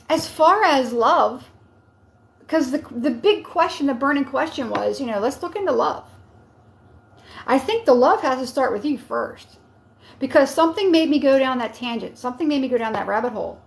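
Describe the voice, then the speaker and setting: A woman with a high voice gives a live tarot reading. She talks casually and rambles a little, warmly urging her listeners on. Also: creaky, slight background noise. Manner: casual, encouraging, rambling with many fillers. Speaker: tarot reader.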